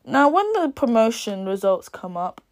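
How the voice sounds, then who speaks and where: A woman's voice: a little high, big pitch swings, normal speed. A young woman in a casual video, chattily retelling a novel's plot and acting out the characters' lines as she goes. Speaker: book reviewer.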